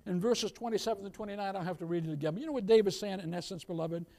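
A man preaching a sermon as pastor, reading scripture slowly and rising to loud calls for amen. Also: sits high. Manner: reads scripture slowly in King James wording; jokes with the congregation and laughs.

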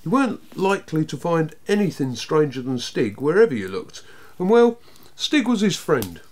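A man reading a children's book aloud, narrating in an expressive, lively way. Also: fairly high pitch, moderate pace. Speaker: storyteller.

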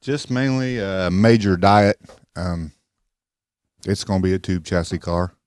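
A man's voice: deep voice, unhurried, a little mellow, no echo, clean studio sound. A man guesting on a casual show, speaking bluntly and ranting with heavy swearing. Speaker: guest racer.

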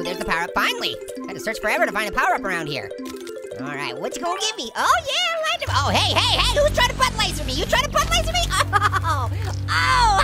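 A man voicing a hyper, pun-loving talking orange, hosting gameplay commentary in a squeaky, sped-up high voice with constant giggly laughs. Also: full character voice. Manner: manic punning, constant cackling laughs. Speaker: let's play host. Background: game music.

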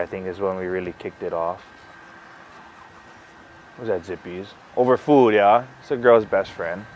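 Young man, halting and sincere. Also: low voice, a little hiss or hum, low-quality recording. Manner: halting, many "like" fillers, sincere. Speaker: groom-to-be interviewed for an engagement video. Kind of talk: casual storytelling interview.

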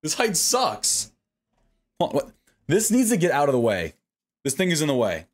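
A man streaming a game live, his pitch swinging widely as he reacts. He talks to himself the whole time, swears freely, and coaxes himself through each attempt. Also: moderate pace, a little hiss or hum. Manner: animated self-talk, frequent swearing.

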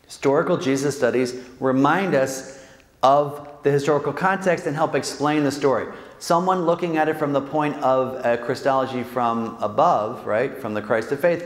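A man, a Jesuit priest, giving an animated, joking talk to an audience, acting out quotes and often tagging lines with "right?". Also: medium pitch. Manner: animated, jokey, acts out quotes, frequent "right?" tags. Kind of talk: lively faith talk to an audience. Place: large hall with audience. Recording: echoey hall with long reverb.

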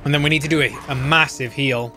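A man's voice: medium pitch, steady tone, quick pace, bright, forceful tone, soft background music. A man giving casual gameplay commentary, chatty and self-mocking, talking straight to his viewers. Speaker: let's play host.

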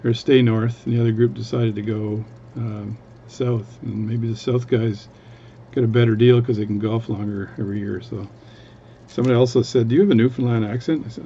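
A man's voice: mid-range voice, fairly even intonation, fairly quick, dark tone, muffled recording, a little hiss or hum. A man from Canada, a watchmaker, chatting casually at his workbench in a rambling, self-interrupting way. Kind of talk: casual chat.

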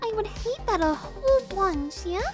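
A woman's voice: extremely high pitch, animated, normal speed, over loud music. A woman streamer putting on a sugary, cutesy anime girl voice that is sing-song and pouty and breaks into swearing tantrums. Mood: sugary pleading. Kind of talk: live stream chat.

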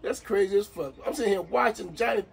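Uncle type, high gravelly male voice, fed-up cursing tirade. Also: quick pace, slight background noise. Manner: exasperated, swears constantly, repeats himself. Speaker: uncle being pranked. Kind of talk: profane ranting at a prank.

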